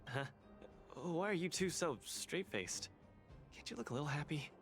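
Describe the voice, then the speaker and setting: A man's voice: a little high, expressive, normal speed, faint music behind. An actor voicing a brash, upbeat young male champion in a game who talks theatrically and loves slogans. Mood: cheerful. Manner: theatrical, shouts out attack names and slogans. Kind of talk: game character voice.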